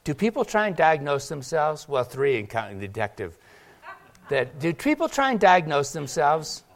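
A man preaching a sermon to his congregation, animated, asking rhetorical questions and acting out quotes. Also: fairly high pitch, moderate pace. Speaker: pastor.

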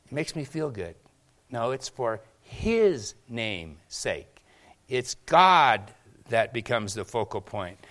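A man delivers a morning sermon in an everyday middle-range voice. He keeps asking his congregation questions and waits for them to answer. When he reads scripture he slows down and lets each line land. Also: mid-range voice, fairly bright tone. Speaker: pastor.

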